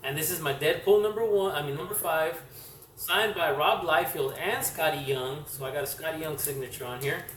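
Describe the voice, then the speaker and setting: In a casual show-and-tell vlog, a comic collector speaks loosely and haltingly, pausing on fillers and fixing his words as he goes. His slightly high voice has a fairly bright tone and sounds far from the mic. Echo fills the room, over a faint hiss.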